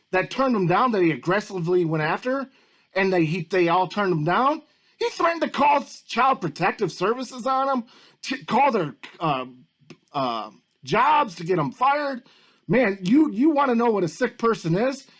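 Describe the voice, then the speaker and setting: A man with a rather high voice, delivering a heated, profanity-laced rant. He talks in agitated bursts, restarting and repeating himself as he builds his case. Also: animated, moderate pace, a bit bright. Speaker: YouTube commentator. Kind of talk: angry ranting commentary.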